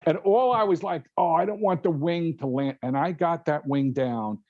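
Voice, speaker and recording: A man's voice: on the high side, normal speed, no room sound. Older man telling a story on a dull line. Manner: animated storyteller, acts out voices, laughs often. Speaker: guest pilot. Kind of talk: casual storytelling. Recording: dull lo-fi sound.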